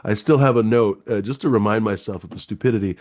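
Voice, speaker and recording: A man's voice: on the low side, quick pace, a little mellow. Rambling, profane man hosting a live chat. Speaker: host. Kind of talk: casual live-stream chat.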